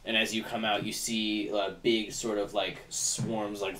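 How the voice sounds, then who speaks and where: A man narrates a tabletop game as its game master in a slightly low voice. He rambles loosely, filling his lines with "like" and "kinda". He sits a little distant from the microphone. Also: little pitch movement, measured pace, a bit bright. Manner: rambling, many fillers like "like" and "kinda".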